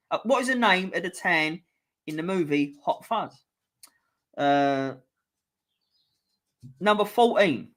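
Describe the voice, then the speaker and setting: A young man with a London accent reads out quiz questions on a casual live stream. His voice sits a little high for a man. He swears freely and drifts into offhand banter between the questions. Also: bright, forceful tone. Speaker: quiz host.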